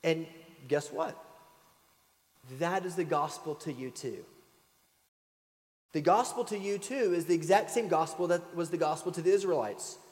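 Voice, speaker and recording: A man's voice: a little high, moderate pace, pauses often, a little mellow. A middle-aged male pastor preaching a sermon in a church sanctuary, telling stories earnestly and reading scripture with emphasis. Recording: long church reverb.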